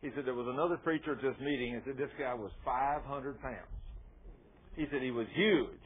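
A man's voice: medium pitch, a little fast, slight background noise. A man preaching a folksy sermon, telling stories with self-mocking, chuckling asides. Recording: tinny phone-like radio sound.

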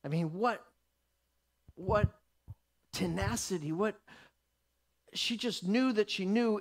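A man's voice: sits high, slow pace, pauses often. Brief: male Bible teacher, emphatic sermon delivery, frequent restarts.

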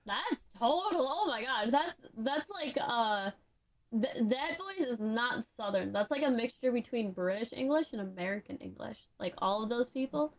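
A woman's voice: a little high, animated, moderate pace. Woman explaining in rambling detail. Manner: explains in detail, many fillers. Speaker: podcast guest. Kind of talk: casual chat.

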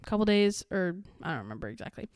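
A woman's voice: fairly low pitch, very animated, quick pace, a little mellow, smooth, no echo, clean studio sound. A young adult woman hosting her own podcast, talking in a casual, rambling way with many fillers and restarts. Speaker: podcast host. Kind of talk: casual solo podcast chat.

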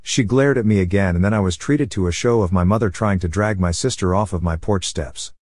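Male narrator, low voice, dry close sound, steady read. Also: brisk, dry recording. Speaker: story narrator. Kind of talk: scripted first-person narration.

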